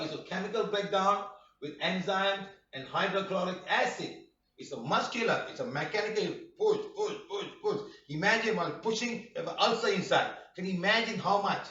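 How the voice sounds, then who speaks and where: A man teaching a healing workshop class, speaking emphatically, often shouting and firing rhetorical questions. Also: high-pitched. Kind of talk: classroom lecture. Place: workshop room. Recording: roomy, distant, dull lo-fi room recording.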